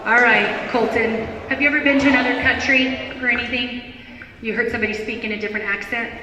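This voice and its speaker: A woman's voice: a little high, steady tone, fast, noisy background. A woman hosting a school game show, calling out dares and cheering on contestants in an upbeat, encouraging way. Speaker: event host. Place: large school hall with a crowd. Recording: echoey hall recorded from far off.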